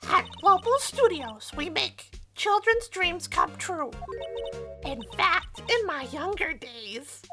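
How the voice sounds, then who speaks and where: A woman voicing a cranky, nosy old female security guard with a croaky, scolding voice who grumbles about young people. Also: very high voice, animated, slow, music in the background, pitched above the performer's own voice, heavily acted. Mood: gossipy. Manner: grumbling, lecturing about youths.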